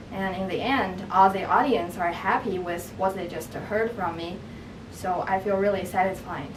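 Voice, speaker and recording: A woman with a Chinese accent, a language student speaking carefully and deliberately in an interview testimonial. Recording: echoey room, mic at a distance, background rumble.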